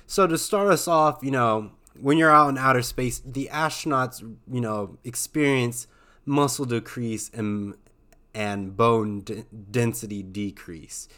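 A man's voice: mid-range voice, fairly bright tone. Rambling man with lots of fillers. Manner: rambling, loose with many fillers. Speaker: podcast host. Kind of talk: casual solo talk.

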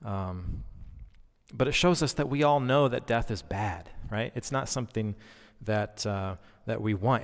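Pastor, male, thirties, earnest conversational sermon, voice ringing in a reverberant hall. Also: on the low side. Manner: earnest, conversational preaching with fillers.

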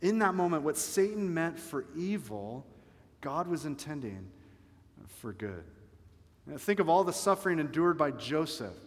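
A man's voice: a little high, big pitch swings, unhurried, big-room sound. A male pastor preaching a sermon, telling a story dramatically and swelling and dropping his volume for emphasis.

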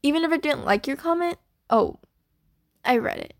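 Chatty young woman podcasting, high and gravelly. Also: lively intonation, moderate pace, no room sound, studio quality. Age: young adult. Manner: scatterbrained, chatty and apologetic. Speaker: podcast host. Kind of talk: casual unedited podcast chat.

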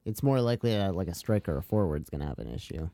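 A man's voice: sits low, lively intonation, fast, mellow, no echo. A man co-hosting a podcast who steers the casual football chat and brings up news items. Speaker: podcast co-host.

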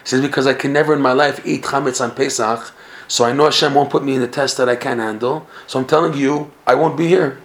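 A man tells a Torah story to a class, his delivery animated and full of Hebrew and Yiddish words. His voice sits in a middling range. The room around him rings with echo. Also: medium pitch, fast talker, heavy background noise. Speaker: Torah teacher. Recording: echoey room.

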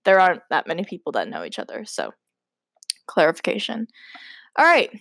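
A woman's voice: lowish voice, wildly swooping pitch, fairly quick, creaky, fairly bright tone, no room sound. Woman, podcast host, reading aloud, giggly, self-mocking, dry close sound. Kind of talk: reading her old story aloud with commentary.

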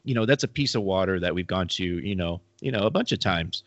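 A man's voice: low voice, animated, fairly quick, no echo, muffled recording. A man co-hosting a casual fishing chat, rambling with many restarts and fillers. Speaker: fly fishing podcast co-host.

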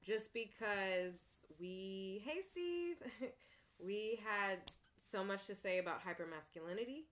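A woman co-hosting a casual chat podcast, talkative and quick to jump in. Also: medium pitch, lively intonation, a bit bright, a little hiss or hum. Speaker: podcast co-host.

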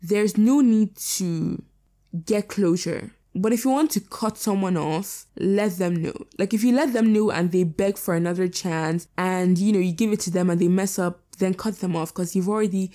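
A woman's voice: medium pitch, moderate pace, mellow. A teenage girl giving blunt, sassy advice in a casual vlog, swearing freely. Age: teens. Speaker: vlogger.

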